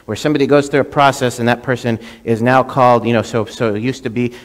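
A man's voice: medium pitch, fairly even intonation, quick pace, in a large hall. A male priest preaching a sermon, telling a story in a conversational way, often restarting phrases and checking in with "right?". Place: church sanctuary.

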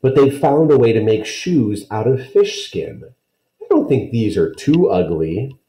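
A man voicing a patient, gentle mother in a storybook reading, speaking soothingly. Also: mid-range voice, sing-song, measured pace, roomy sound, pitched above the performer's own voice. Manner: soothing, explaining.

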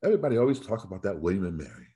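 A man hosting a casual interview podcast, encouraging his guest with quick affirmations. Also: low voice, huge pitch swings, mellow, breathy edge. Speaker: podcast host.

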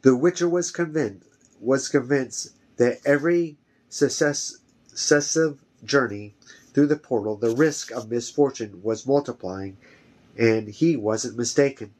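A man's voice: mid-range voice, darkish tone. A man reading a fantasy novel aloud, carefully, often restarting a phrase. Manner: slow, careful, with frequent restarts. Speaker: reader.

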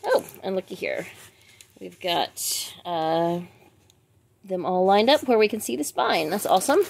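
Gravelly-voiced woman chatting books. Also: medium pitch, unhurried, darkish tone. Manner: reads titles aloud, chatty asides to viewers. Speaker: book vlogger. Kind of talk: casual book unboxing chat.

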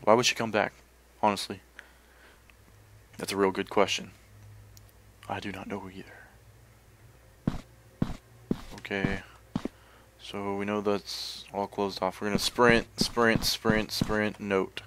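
A man's voice: fairly low pitch, level tone, a little slow, background noise. Profane man playing a horror game. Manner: profane, jumpy, talks to viewers. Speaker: gaming channel host.

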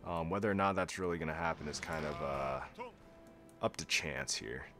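A young man giving casual, sarcastic gameplay commentary as a video host, often laughing at himself and going deadpan when joking. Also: very deep voice, normal speed, music in the background. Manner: flat monotone when joking.

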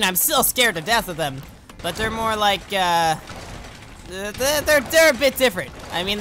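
Young male gamer, high bright voice, jumpy self-talk, faint game music behind. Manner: excitable, yelps and shouts at fails; self-talking, rambling asides. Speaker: let's play gamer. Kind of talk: casual gameplay commentary.

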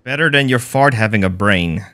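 A man's voice: lowish voice, animated, normal speed, sharp tone. A man streaming a game, casually commentating in a playful, self-mocking way with swearing.

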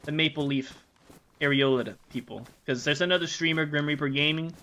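A man's voice: a little high, steady tone, brisk, bright, forceful tone. A man from the United States, a game streamer chatting casually with his live chat while he plays, joking and rambling.

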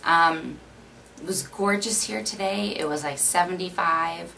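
Slow, low-pitched Minnesota woman vlogging. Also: vocal fry, bright, forceful tone, distant mic, slight background noise, rough recording. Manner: chatty, rambling, many fillers. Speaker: beauty vlogger. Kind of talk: casual vlog chat.

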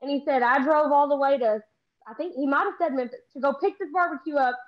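Texan woman, Southern US accent, high voice, fast talker, muffled sound. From Texas. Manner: very fast, profane storytelling. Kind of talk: casual chat.

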